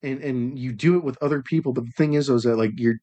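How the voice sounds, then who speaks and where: A man co-hosting a loose podcast, trading banter and ribbing his friend. He often cuts in and restarts his words, doubling up on them. His voice sits at an ordinary middle pitch. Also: quick pace, warm tone, dull audio. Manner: bantering, repeats words when cutting in. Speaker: podcast co-host. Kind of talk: casual chat.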